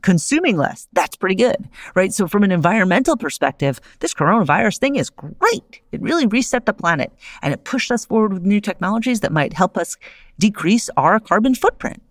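A middle-aged woman hosting a solo podcast, talking in an animated, conversational way and often checking in with "right?". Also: lowish voice, vocal fry, no room sound, clean studio sound. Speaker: podcast host. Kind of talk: solo podcast monologue on philosophy.

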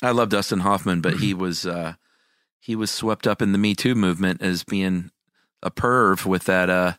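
A man's voice: sits low, normal speed, fairly bright tone, no echo, studio quality. A man co-hosting a podcast, casually joking as he runs through a list of movies. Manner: joking, listing movies with playful intros. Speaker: podcast co-host.

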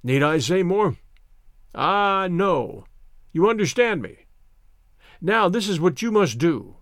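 A man's voice: sits high, sing-song, slow, a bit bright, no room sound, studio quality, heavily acted. A man voicing a boisterous, crafty old male ex-grenadier in an audiobook, with an exclamatory, grandiose manner. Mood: confidential. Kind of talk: audiobook character voice.

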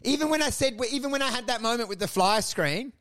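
A man, co-hosting a comedy podcast, rambling through crude stories and acting out scenes in shouted high voices. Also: lively intonation, fast talker, noisy background. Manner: crude, swears often. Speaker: podcast co-host.

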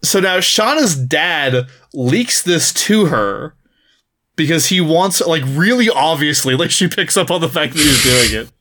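Male podcast co-host, slightly high-pitched, loose and profane plot summary. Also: measured pace. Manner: laughing, profane, animated storytelling. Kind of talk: casual chat, retelling a book's plot.

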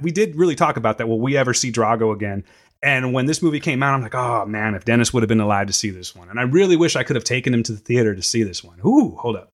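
A man's voice: mid-range voice, a bit bright. A man co-hosting a casual movie review podcast, emotional and choked up, swearing freely. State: tearful. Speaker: podcast co-host.

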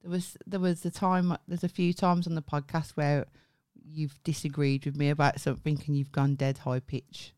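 A woman's voice: sits low, little pitch movement, normal speed, dark tone. A woman with a Birmingham accent, co-hosting a casual comedy podcast, sweary and laughing a lot. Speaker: podcast co-host.

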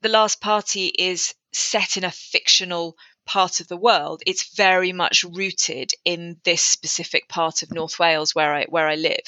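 A woman's voice: fairly low pitch, pushed and bright, no echo, muffled recording. A woman author talking through her writing in a casual interview, thoughtful and prone to restarts. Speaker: author guest. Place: lives in North Wales.

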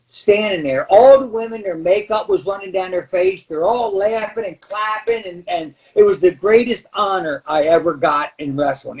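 Give me a lively ex-wrestler with a high voice telling stories. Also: male voice, distant mic, low-quality recording. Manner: animated, acts out voices and shouts. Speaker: former pro wrestler. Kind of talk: storytelling in a podcast interview.

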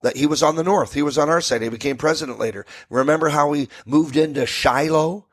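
A man's voice: on the high side, a little fast. An American man hosting a radio talk show from a studio, telling history in a folksy, rambling way with asides to listeners.

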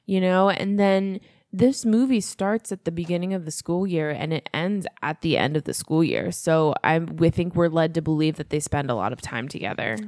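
Woman co-host, lowish voice, blunt joker, dry close recording. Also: animated, a little mellow, dry recording. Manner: quick, blunt jokes. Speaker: podcast co-host. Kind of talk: casual chat.

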